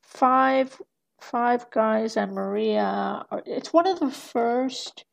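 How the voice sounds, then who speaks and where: Gravelly woman rambling through a podcast chat. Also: on the high side, drawn-out words. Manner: rambling with many fillers and restarts, laughing often. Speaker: guest. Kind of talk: casual podcast conversation.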